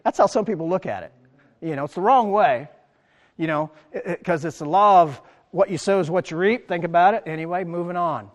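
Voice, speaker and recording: Animated preaching man in a reverberant hall. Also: high-pitched, fairly quick. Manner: animated preaching, acts out quoted crowd lines. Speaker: pastor. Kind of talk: sermon.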